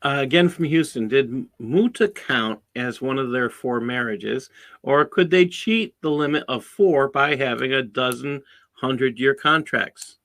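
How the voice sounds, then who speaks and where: Guy host just reading out questions, quick. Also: mid-range voice, fairly bright tone.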